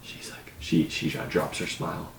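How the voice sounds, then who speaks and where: A man's voice: rumbling low, little pitch movement, moderate pace, vocal fry. A man narrating as game master of a tabletop game in a loose, filler-heavy way, recorded from a distant mic in a roomy space with faint hiss.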